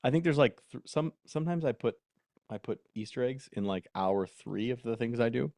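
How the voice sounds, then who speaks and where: A man's voice: medium pitch, normal speed, darkish tone, dry recording, clean studio sound. A man hosting a casual live workshop, talking in a chatty, self-mocking way while dictating prompts aloud. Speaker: host.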